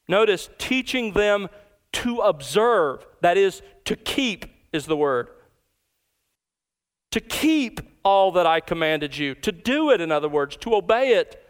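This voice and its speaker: A pastor preaching an emphatic expository sermon, slowing down to stress key words. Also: male voice, sits high, smooth.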